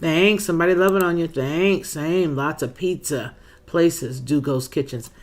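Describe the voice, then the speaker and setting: Speaking in a low voice at a measured pace, this livestream host reads out comments and welcomes viewers by name with folksy chatter. She addresses them as girl, baby and boo-boo.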